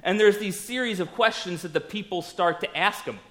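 A man preaching a sermon in a conversational way, telling the story with lively acted-out quotes. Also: high-pitched, moderate pace.

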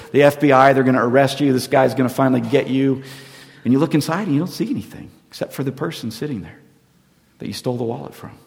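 A man preaching a sermon as pastor, telling a story that swings from loud emphasis down to near-whispers. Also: medium pitch, gravelly. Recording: long hall reverb.

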